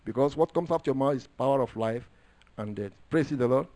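A man with a medium-pitched, mellow voice speaks fairly quickly as he preaches a sermon. He is emphatic and repetitive, stressing key phrases and repeating them as he works through scripture.

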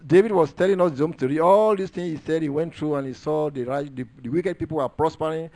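A man's voice: fairly high pitch, fairly quick, a little mellow. A man preaching a sermon, emphatic and repetitive, stressing key phrases as he works through scripture. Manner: repeats phrases while working through scripture.

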